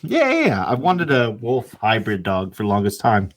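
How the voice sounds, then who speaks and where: Male podcast host from Vermont, lively storyteller, close dry mic. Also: fairly low pitch, moderate pace, dry recording. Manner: animated storyteller who acts out pets' voices; swears casually. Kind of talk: casual chat.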